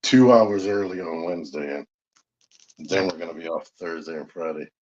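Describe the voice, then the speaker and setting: A man's voice: sits low, normal speed, dull audio, noisy background. A man co-hosting a casual podcast, chiming in with short reactions. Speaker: podcast co-host.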